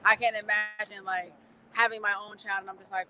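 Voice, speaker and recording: A young woman co-hosting a casual chat show, reading viewer comments aloud and talking in an animated, rambling way with quick laughs and restarts. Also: medium pitch, a little hiss or hum, rough recording.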